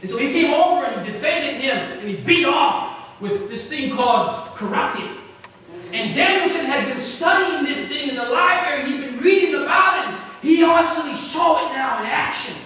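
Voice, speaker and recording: A man preaching a sermon as pastor, telling a story in an animated way. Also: extremely high pitch, moderate pace. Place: church. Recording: echoey church from far off.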